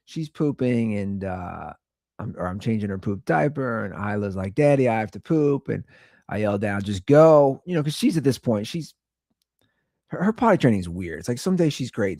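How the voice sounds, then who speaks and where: A man in his thirties tells a rambling, exasperated story as a show host. His pitch swoops up and down as he talks. The sound is dry and close. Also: darkish tone, dry recording. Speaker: podcast host; father of two young girls. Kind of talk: casual storytelling monologue.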